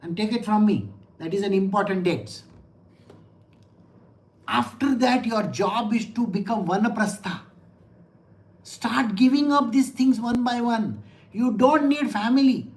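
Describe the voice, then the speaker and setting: A woman's voice: on the high side, measured pace, long pauses, a little mellow. A woman giving a scripture discourse in a blunt, emphatic, conversational way. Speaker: spiritual teacher.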